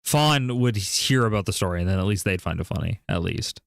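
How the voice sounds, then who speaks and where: A man's voice: on the low side, animated, brisk, creaky, dry recording, clean studio sound. A young man from Canada chatting casually on a stream, telling stories with lots of laughter and acted-out quotes. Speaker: vtuber streamer.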